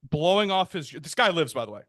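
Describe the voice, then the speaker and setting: A man co-hosting a podcast, casually retelling a history story in a rambling, laid-back way, often saying "um" and "like" and jumping his pitch to act out the people in it. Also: very animated, brisk, fairly bright tone, dry recording, studio quality. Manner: acts out quoted characters with jumps in pitch. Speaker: podcast co-host.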